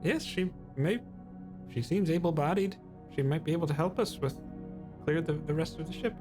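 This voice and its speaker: A man's voice: on the high side, moderate pace, music in the background. A man playing a tabletop game, talking in an easygoing, casual way. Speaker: player.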